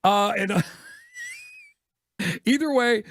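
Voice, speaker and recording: A man co-hosting a sports radio show, telling stories quickly and laughing often. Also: high-pitched, fairly bright tone. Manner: rapid storytelling, laughs often. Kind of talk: casual radio chat.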